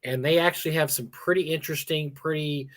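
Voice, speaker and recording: A man co-hosts a casual gaming stream, his voice sitting somewhat high. He rambles and chuckles, and slips into little voices to act out the players he quotes. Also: fairly even intonation, a little fast, fairly bright tone. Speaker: co-host of a gaming talk stream. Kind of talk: casual chat.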